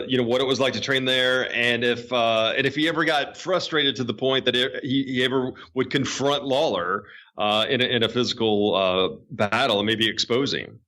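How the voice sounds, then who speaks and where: A man hosting a wrestling podcast in a casual, joking way, halting with fillers, also reading an ad. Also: mid-range voice, sharp tone. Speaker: podcast host. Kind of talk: casual podcast chat and ad read.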